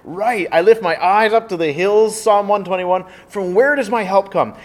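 A man's voice: high-pitched, normal speed. A man preaching in an earnest, conversational way, with a slightly raised voice. He often stops and restarts his sentences and leans on filler words as he speaks directly to his listeners. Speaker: pastor. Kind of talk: sermon.

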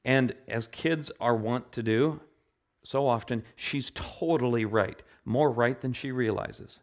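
A man's voice: mid-range voice, takes it slowly. Earnest male pastor preaching a sermon. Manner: earnest, often repeats and restarts phrases; turns impassioned and louder at climaxes.

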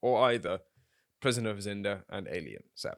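A man's voice: on the low side, fast, creaky, no room sound, clean studio sound. A man co-hosting a casual film podcast, laughing and swearing as he talks. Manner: laughing, swearing, lively asides. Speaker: podcast co-host.

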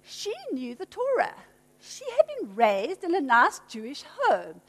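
Lady preaching, really high voice, bouncy and playful, big echoey hall. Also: unhurried. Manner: animated, teasing, emphatic, laughing asides. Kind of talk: sermon. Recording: long hall reverb.

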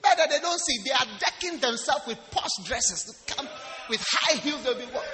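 A man preaching a humorous, animated sermon, swinging between quiet asides and shouts while teasing the congregation. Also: very high-pitched, normal speed, a little hiss or hum. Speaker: pastor. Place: church service. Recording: live church with music and a loud congregation.

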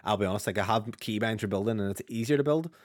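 Casual, fast-paced and full of swearing, this gaming podcast co-host from Northern Ireland speaks with a fairly low pitch. The audio is clean studio sound without any room sound.

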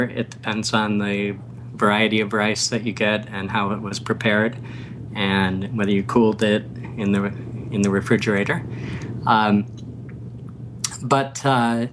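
A man with a lower voice answers as a guest, measured and a little hesitant as he chooses his words. A faint room ambience sits behind him. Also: fairly bright tone, slight background noise. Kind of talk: casual chat.

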